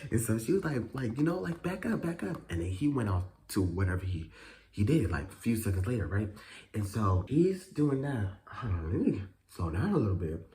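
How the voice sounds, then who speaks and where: A young man in a casual storytime vlog, telling a school story in animated, profane bursts with sudden jumps in pitch. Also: fairly quick. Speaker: vlogger.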